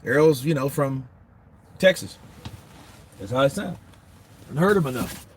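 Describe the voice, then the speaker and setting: A man hosting a boxing talk show, answering viewers in a casual, animated, profane way, and laughing often. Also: medium pitch, a little slow, a little hiss or hum.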